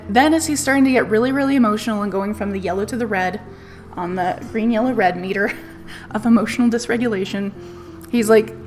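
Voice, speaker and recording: A woman streaming live, telling a personal story in a candid, casual way and swearing freely. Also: medium pitch. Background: faint music playlist.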